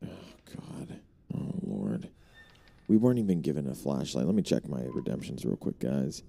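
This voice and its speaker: A man's voice: very deep voice, big pitch swings, normal speed, gravelly, warm tone. A young man streaming a horror game, talking to his chat, swearing and jumpy. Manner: swearing, jumpy, chatty with viewers. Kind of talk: live horror game commentary.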